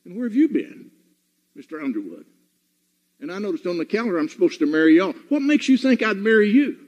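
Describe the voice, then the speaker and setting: A man's voice: high voice, sing-song, fast, a little mellow. A man preaching a sermon, scolding his congregation in a fiery, repetitive way. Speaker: pastor. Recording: dull, reverberant hall recording.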